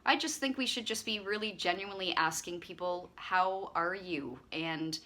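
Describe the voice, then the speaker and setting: Bright-voiced woman chatting casually. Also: medium pitch, lively intonation, fairly quick. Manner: chatty, warm-hearted rambling with frequent fillers. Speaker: channel host. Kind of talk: casual chat to camera.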